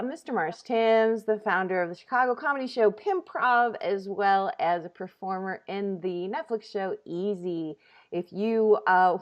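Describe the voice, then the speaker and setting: A woman hosting a casual comedy talk show, telling stories with lively energy and acting out quotes. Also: mid-range voice. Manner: animated storytelling, acts out quotes loudly.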